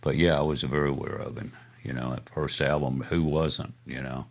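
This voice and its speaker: A man's voice: very deep voice, fairly even intonation, normal speed, vocal fry. An older man, telling rambling, chuckling stories as an interview guest, full of fillers. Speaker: guest musician. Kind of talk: casual storytelling interview.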